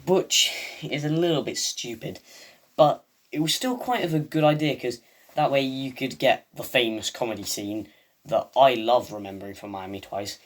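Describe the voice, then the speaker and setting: A man's voice: mid-range voice, normal speed. A man hosting a video, giving a rambling, casual recap of a TV episode full of "um" and "like". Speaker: video host.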